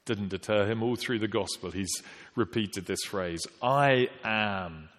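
A man preaching a sermon, measured and emphatic, slowing down to stress quoted scripture. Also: on the low side, steady tone. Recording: long hall reverb.

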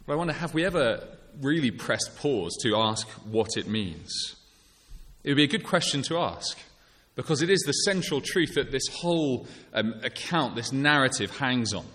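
A preacher in a reverberant church. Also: male voice, mid-range voice, animated, fairly bright tone. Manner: measured, conversational, with frequent fillers and restarts. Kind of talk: sermon.

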